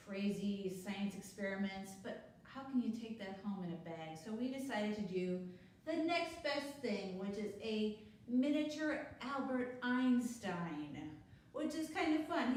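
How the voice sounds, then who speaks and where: A woman librarian talks kids through a simple craft in an upbeat, chatty manner. Her voice is a little high. She is recorded from a distance in a very echoey room with faint noise behind her. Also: darkish tone. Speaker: children's librarian leading a craft. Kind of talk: explaining a craft to children.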